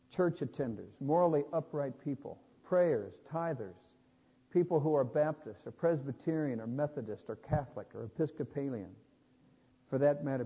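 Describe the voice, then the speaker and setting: A man preaching a sermon, building to louder emphatic points and adding small jokes. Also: medium pitch, slightly rough. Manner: emphatic, rising loud on key points, with jokes. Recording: dull sound with long hall reverb.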